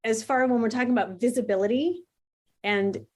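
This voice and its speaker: A woman from New Jersey, a video coach, chatting as a guest on a remotely recorded interview in an animated, enthusiastic way. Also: a little high. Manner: animated, enthusiastic, speeds up and slows down. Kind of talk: casual interview chat.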